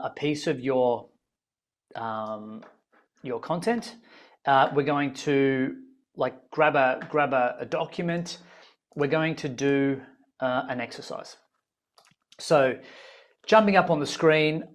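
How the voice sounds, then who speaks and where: A man hosting a live webinar, energetically prompting his audience with frequent ums. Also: a little high. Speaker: webinar host.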